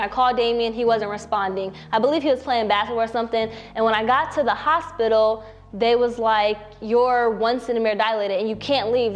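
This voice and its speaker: A young woman telling her personal story in a casual way, often saying "you know what I'm saying" and acting out what others said. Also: fairly high pitch. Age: young adult. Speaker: young mother interviewed on camera.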